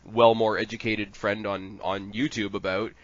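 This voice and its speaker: A man's voice: fairly low pitch, level tone, moderate pace. A man in a casual fan-casting chat, rambling and crude, laughing often. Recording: dull lo-fi sound.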